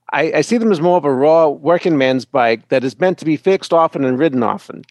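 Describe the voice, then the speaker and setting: Co-host reading mail on air, middle-aged man, slightly raised pitch, dry close sound. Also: lively intonation, normal speed, a little mellow, no echo. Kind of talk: reading a listener email aloud.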